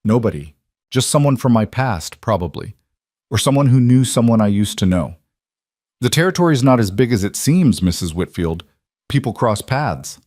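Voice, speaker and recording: A man's voice: mid-range voice, expressive, moderate pace, a little mellow, dry recording, clean studio sound, close to an everyday voice. A man reading a terse, guarded frontier cowboy. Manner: terse and firm.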